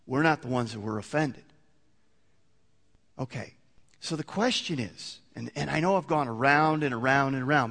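A man's voice: mid-range voice, sharp tone. A man preaching a sermon in a conversational way, often restarting his sentences and building to emphatic peaks. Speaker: pastor. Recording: long hall reverb.

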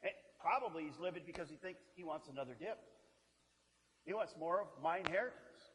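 A man preaching a sermon, telling the story with animated energy and often repeating words as he gets going. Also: on the high side, a little fast, in a large hall, low-quality recording. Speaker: pastor.

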